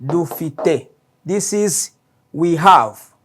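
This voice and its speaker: A male language teacher with a Rwandan accent and a slightly high voice. He speaks very slowly and repeats each word patiently so learners can copy him, in a classroom lesson style. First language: Kinyarwanda.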